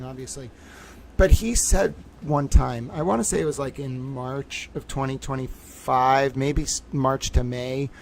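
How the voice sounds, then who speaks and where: A man's voice: mid-range voice, gravelly, slight background noise. A man giving casual livestream commentary, talking in a rambling, profane and emphatic way.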